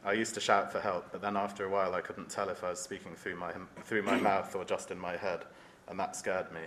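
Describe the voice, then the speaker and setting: A man reading as a teenage boy trapped alone in the dark, in a solemn, measured reading voice with no put-on accent. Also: sits low, little pitch movement, a little hiss or hum. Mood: haunted. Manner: solemn, measured reading in his own unaccented voice. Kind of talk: reading aloud from a novel.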